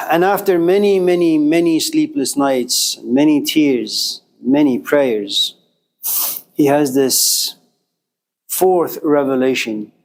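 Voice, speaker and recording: A man giving a lecture and telling a story with lively, acted-out voices. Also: a little high, slow, low-quality recording. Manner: animated storyteller, acting out voices.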